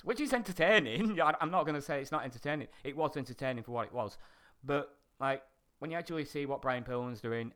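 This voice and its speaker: Bright-voiced blunt man. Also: medium pitch, clear, resonant tone. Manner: blunt, sweary, incredulous. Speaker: podcast co-host. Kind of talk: casual wrestling chat.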